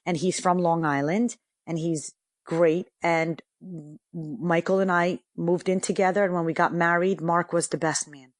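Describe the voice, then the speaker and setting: A middle-aged woman chatting as a podcast guest, her voice sitting a little low. She tells her story with animation, slipping into the voices of the people she quotes. The sound is dry and close, with no room around it. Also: a little slow, no room sound. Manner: animated storyteller who acts out quoted dialogue. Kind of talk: casual interview storytelling.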